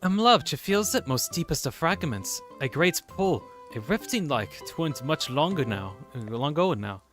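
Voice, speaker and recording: A dreamy magical lady, as a man puts her on in a put-on Scottish accent, talking in odd old-fashioned riddles. Her voice rises and falls freely and has a bright, forward ring. Faint game music plays underneath. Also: on the high side, very animated. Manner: archaic, halting, lilting phrasing. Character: mystical magical woman speaking in riddles.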